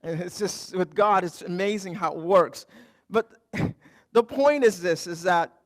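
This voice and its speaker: A middle-aged man preaches a Sunday sermon in a conversational, storytelling way, with a slightly higher pitch than most men. He jokes with the congregation and then drops quiet before pushing loud for emphasis. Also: measured pace. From Canada. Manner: swings from quiet lows to loud emphatic highs. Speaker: pastor.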